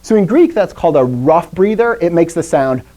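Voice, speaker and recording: Lively, chatty woman teaching. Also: on the low side, moderate pace. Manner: lively, chatty, quizzes the class, jokes. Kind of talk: live classroom lesson.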